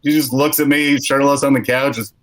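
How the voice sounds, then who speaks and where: A man's voice: mid-range voice, steady tone, a little fast, fairly bright tone, no room sound, rough recording. A young adult man doing a rambling, self-deprecating stand-up set, telling awkward personal stories. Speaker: stand-up comedian.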